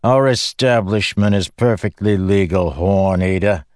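A man voicing a haughty male den keeper who speaks slowly and officiously in an audiobook. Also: sits low, a little mellow, no echo, studio quality, pitched above the performer's own voice.

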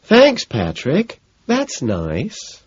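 A man voicing a bored young woman who talks flatly and sarcastically. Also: on the high side, very slow, breathy edge, dry recording, dull audio, pitched above the performer's own voice, heavily acted. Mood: sarcastic. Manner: flat, dry and sarcastic. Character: flat, bored young woman, sharp-tongued.

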